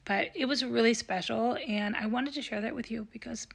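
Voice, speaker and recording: A woman, a psychic medium, telling a personal story in a vlog, earnest and tearful, often dropping to a soft whisper. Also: on the high side, brisk, creaky.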